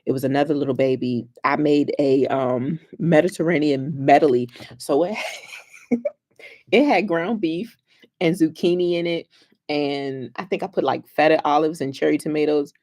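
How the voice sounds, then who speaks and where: Her voice is low-pitched and at a normal speed. She is a young school counselor on a casual livestream with families, telling playful stories with slang, animated and laughing often.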